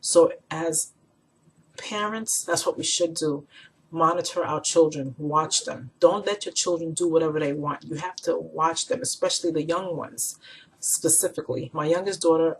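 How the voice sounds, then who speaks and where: A woman vlogger and mother in her thirties, talking casually to camera and retelling an online exchange with indignant, animated quoting. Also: low-pitched, slight background noise, poor audio. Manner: animated, indignant, retells chats with mimicked quotes.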